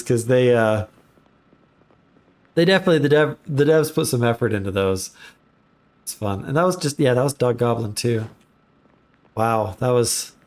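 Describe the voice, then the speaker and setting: A man giving relaxed, chatty commentary while live streaming a game. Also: mid-range voice. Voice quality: relaxed, chatty, laughs often.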